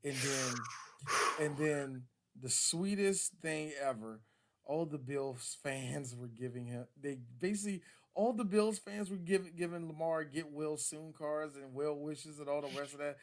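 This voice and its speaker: Sports podcast guy, kinda high voice, goofy, keeps doing bits. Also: measured pace. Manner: animated, laughs often, acts out quoted voices. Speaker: podcast co-host. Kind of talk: casual sports chat.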